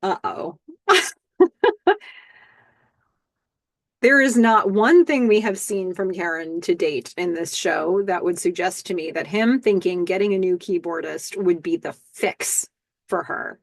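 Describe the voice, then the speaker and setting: A woman hosting a podcast, casually recapping a TV episode scene by scene with lots of fillers and excited asides. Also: fairly low pitch, slow pace, pauses often, dry recording, studio quality. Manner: chatty, lots of fillers and "I don't know", excited outbursts.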